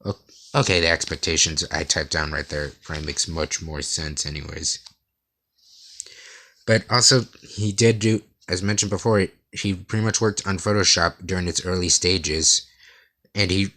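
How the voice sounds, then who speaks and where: A young man giving a rambling class presentation about an artist, in a monotone with frequent stutters and restarts. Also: sits low. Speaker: student presenter.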